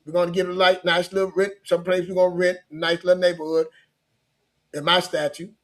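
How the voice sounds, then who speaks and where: Speaking a little fast, this man has a high, fairly bright voice with little rise and fall in pitch. He's a middle-aged motivational coach from Louisiana sharing his life story loosely, with repetitions and restarts.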